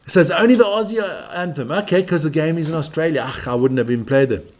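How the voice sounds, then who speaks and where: A man's voice: a little high, quick pace, a little mellow. A man hosting a live stream as he watches a rugby match, joking, swearing and chatting with viewers and with people in the room. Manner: brash, profane, joking banter.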